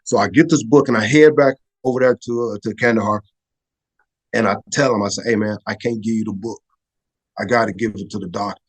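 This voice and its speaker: On the low side and steady, with a breathy edge, this middle-aged man speaks a little fast while recounting an emotional personal story in an interview. Once an Air Force photographer, he talks conversationally on the podcast, repeating "right?" and restarting words.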